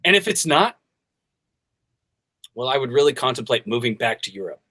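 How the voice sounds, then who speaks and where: A man voicing a calm, deliberate accent coach who speaks low and smooth. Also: no room sound, studio quality. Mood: soothing.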